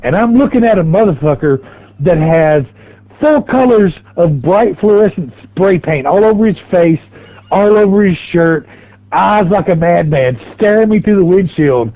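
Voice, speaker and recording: A man's voice: high voice, expressive, moderate pace, phone-quality sound. A middle-aged man telling a long, profane, rambling story on a game stream.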